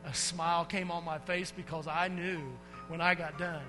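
A man giving a lively children's sermon as a pastor, telling stories with swings from hushed to shouting and calling the kids to answer back. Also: fairly high pitch, moderate pace. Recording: long hall reverb with faint music.

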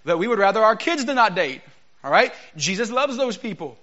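A man preaches a lively Pentecostal sermon in a church, joking and calling out for the congregation's responses. His voice is high and bright. The recording sounds dull and lo-fi. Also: a little fast. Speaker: guest preacher, Bible college teacher.

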